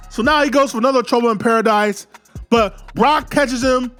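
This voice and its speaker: A man excitedly retelling an imagined wrestling match play by play, calling out the moves and the pin counts. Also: extremely high pitch, normal speed, soft background music. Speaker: YouTube wrestling commentator.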